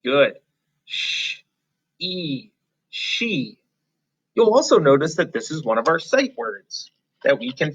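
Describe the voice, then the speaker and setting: A man teaching a phonics lesson to young children, patient and encouraging, drawing out letter sounds slowly and clearly. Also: a little high, fairly bright tone. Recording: slightly dull, lo-fi.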